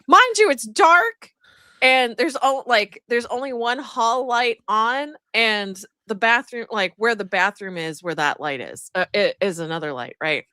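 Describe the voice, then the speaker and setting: A woman tells a story on a live stream, rambling through it with plenty of fillers and bursts of laughter. Her voice sits high and bright. The sound is dry and close. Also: moderate pace, dry recording. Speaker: guest streamer. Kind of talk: casual storytelling on a livestream.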